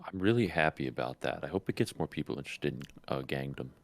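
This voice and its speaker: A man co-hosting a podcast, chatting casually, swearing and getting excited. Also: extremely low pitch, fast, vocal fry, dry recording. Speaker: podcast co-host. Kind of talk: casual chat.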